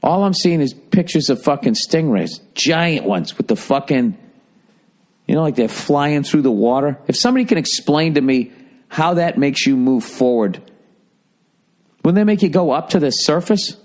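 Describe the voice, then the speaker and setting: A man hosting his own podcast, rambling alone and thinking out loud with constant swearing as he riffs on whatever he's looking at. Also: a little high, very animated, normal speed. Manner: profane, riffing, thinking out loud. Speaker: podcast host. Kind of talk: rambling solo podcast monologue.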